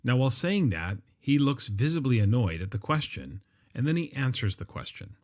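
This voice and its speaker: A man's voice: medium pitch, big pitch swings, normal speed, darkish tone. A middle-aged man hosting a podcast, talking conversationally in a solo monologue with frequent ums and uhs. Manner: conversational, with frequent fillers and restarts. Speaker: podcast host.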